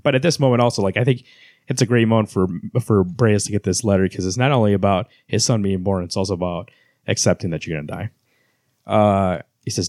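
A man's voice: on the low side, a little fast, darkish tone, dry recording, studio quality. A man co-hosting a casual book club podcast, retelling scenes and reading passages aloud with many fillers. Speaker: podcast co-host.

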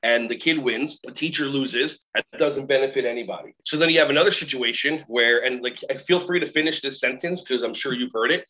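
A man talking as a guest trainer, telling animated stories and acting out the voices of kids and teachers. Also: mid-range voice, a little fast, hardly any pauses. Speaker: guest, workshop trainer and keynote speaker. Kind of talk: storytelling interview talk. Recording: slightly muffled recording.

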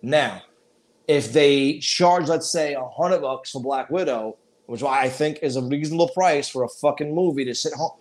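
A middle-aged man talking casually on a podcast, swearing freely and pressing his opinions hard. His voice sits a bit high for a man. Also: normal speed. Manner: profane, emphatic, animated opinions. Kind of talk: casual chat.

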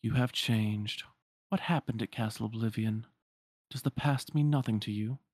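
A man voicing a cold, contemptuous male superior from a game, speaking slowly and clipped. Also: lowish voice, a little mellow, dry recording, studio quality, close to an everyday voice.

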